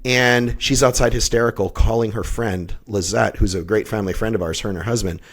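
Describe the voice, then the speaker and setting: A man in his fifties sits as a podcast guest, telling his own story with raw intensity. His voice is fairly low, and he talks bluntly, swearing freely as he goes. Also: fairly even intonation, fairly quick. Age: 50s. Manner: blunt, heavily profane, intense. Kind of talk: emotional personal storytelling.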